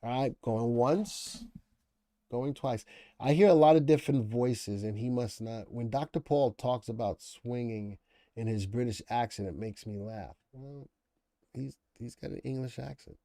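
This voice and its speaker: A man's voice: medium pitch, a little slow, mellow, no echo. Casual male live stock-show host, dry sound. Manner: casual, thinking aloud, reading viewer comments. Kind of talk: live stock analysis stream.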